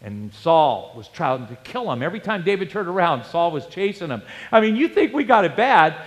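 A male pastor preaching a sermon, animated and storytelling, with rhetorical questions to the congregation. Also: high-pitched, normal speed. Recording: long hall reverb.

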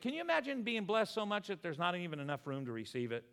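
A man's voice: high-pitched, quick pace. Preaching man in a reverberant church. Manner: animated storytelling preacher, voices people in anecdotes. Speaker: pastor. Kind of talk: sermon. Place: church sanctuary. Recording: long hall reverb.

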